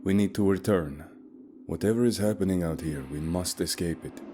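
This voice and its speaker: A man voicing a calm, stern male polar guide who speaks in a measured, formal, commanding way, over a steady hiss. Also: low voice, close to an everyday voice. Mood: grave.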